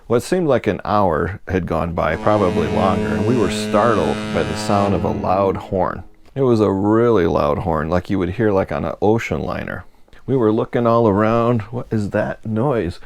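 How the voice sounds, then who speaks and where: A man from Michigan telling a personal story in a relaxed, self-deprecating way, chuckling at himself now and then. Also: sits low, vocal fry, no echo.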